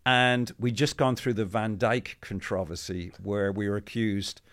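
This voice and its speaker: Lower-voiced man telling lively stories. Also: unhurried. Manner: animated, chatty, many restarts and asides. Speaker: interview guest, former football club CEO. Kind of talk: conversational storytelling.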